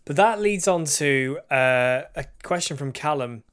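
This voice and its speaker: A man co-hosting a casual podcast. He speaks conversationally at a middling pitch, working through a listener's question. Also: lively intonation, unhurried, a bit bright, clean tone. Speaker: podcast co-host. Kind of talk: casual chat.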